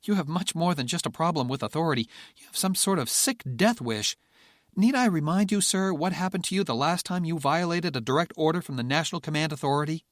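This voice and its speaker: A man voicing a sharp, urgent woman co-pilot. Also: fairly high pitch, fairly quick, dry recording, studio quality, voice pushed up, close to an everyday voice. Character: tense, blunt female bomber co-pilot.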